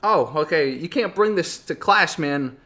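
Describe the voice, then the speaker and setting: A man's voice: a little high, animated, unhurried, sharp tone, pitched below the performer's own voice. A man mimicking a blunt, strong supervisor woman. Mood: offhand. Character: stern, strong woman after-school supervisor.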